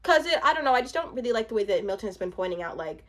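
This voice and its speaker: Young woman in her twenties, casual reaction commentary, bouncy lively delivery, slightly high voice, talky with frequent laughs. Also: racing. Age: 20s. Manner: chatty, laughs often, trails off and restarts. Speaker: reality TV commentator.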